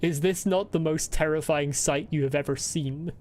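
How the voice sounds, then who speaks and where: A woman's voice: sits low, normal speed, darkish tone, soft background music. A woman streaming a video game, chatting casually with giggly, rambling jokes to her chat. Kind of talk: casual gaming commentary.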